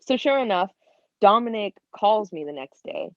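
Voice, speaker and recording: A woman in her twenties, an interview guest, telling a lively personal story and acting out what she said back then. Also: mid-range voice, normal speed, dry recording, lo-fi sound. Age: 20s. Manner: lively, acts out her own past lines with lots of "like". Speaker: guest artist.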